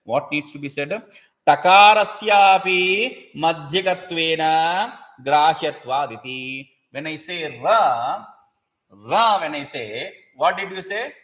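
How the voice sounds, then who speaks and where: A man's voice: a little high, slow, a bit bright. A man teaching a grammar lesson, patiently explaining and repeating terms and asking rhetorical questions. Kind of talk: explanatory lecture.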